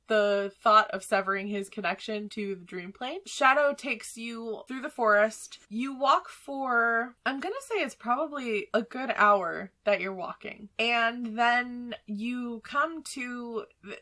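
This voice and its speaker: A woman narrating as game master of a tabletop game, casual and a little halting. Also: medium pitch, sharp tone. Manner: casual, hesitant, laughs often.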